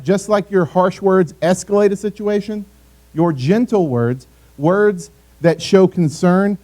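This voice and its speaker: Young guy youth pastor, chatty talk that keeps asking the kids stuff, kinda high voice but mellow. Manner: conversational, asks the audience for responses.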